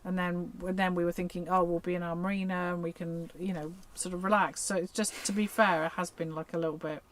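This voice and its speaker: A woman's voice: lowish voice, level tone, quick pace. A woman co-hosting a casual livestream on a narrowboat. She talks in a rambling, hesitant way and keeps filling gaps with "sort of". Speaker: co-host.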